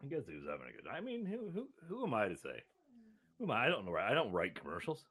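A man's voice: medium pitch, huge pitch swings, fast, a bit bright. A man co-hosting a casual podcast, rambling and riffing loosely. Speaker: podcast co-host. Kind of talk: casual chat.

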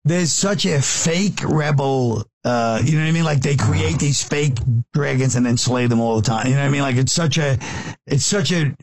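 A man's voice: mid-range voice, moderate pace. A man in a played interview clip, talking emphatically and often asking "you know what I mean". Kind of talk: casual chat, played clip.

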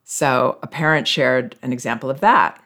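A parenting advice host speaking calmly and reflectively as they answer listener questions. They explain patiently and reassure parents. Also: mid-range voice, moderate pace, gravelly.

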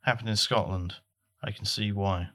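Dry man, bright voice. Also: lowish voice, fairly even intonation, normal speed. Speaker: podcast co-host. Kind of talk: comedy podcast banter.

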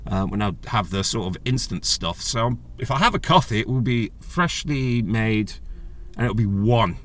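A man hosting a casual solo podcast, chatty and jokey, rambling from one aside to the next. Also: normal speed. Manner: rambling, chatty and jokey, with animated pitch jumps. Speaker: podcast host.

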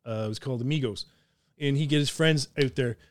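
The speaker, a southern Ontario podcast host, has a mid-range voice and a quick pace as he laughs and curses through casual stories. His storytelling is animated, and the clean studio sound has no room noise.

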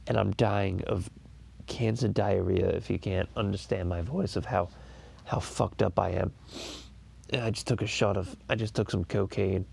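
A man's voice: lowish voice, vocal fry, a little mellow, slightly rough, exaggerated voice. A man doing Stewie Griffin, groaning cartoon baby. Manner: crude, rambling, theatrical groaning. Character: scheming foul-mouthed cartoon baby boy. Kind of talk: improvised comedy impression podcast.

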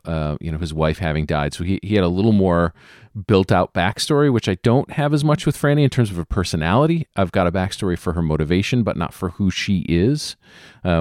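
A man chatting on a podcast about playing his tabletop game characters, pausing often with ums and restarts. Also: low voice, a little mellow, no echo, studio quality. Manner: hesitant, many ums and restarts. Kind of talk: casual podcast chat.

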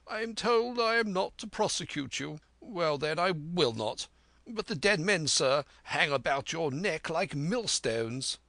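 Brief: pompous older squire, shrill and scolding, high-pitched, dry close recording, voiced by a male narrator. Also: expressive, a little slow, pushed and bright, no room sound, exaggerated voice. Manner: haughty, scolding, high-strung. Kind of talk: audiobook character voice.

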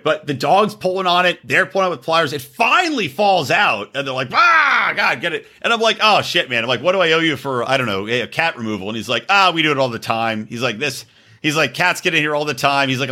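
A man hosting a podcast tells a story in casual chat. His voice is bright and slightly husky, with a pitch that swings widely as he gets excited. He laughs often as he talks. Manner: animated, laughing, jumps into high exclaims. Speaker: podcast host.

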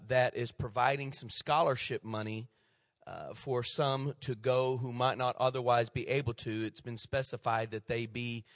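A man's voice: medium pitch, dry recording, studio quality, long reverb tail. A man in his fifties, a pastor, preaching a sermon in a folksy storytelling way with many restarts. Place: church sanctuary.

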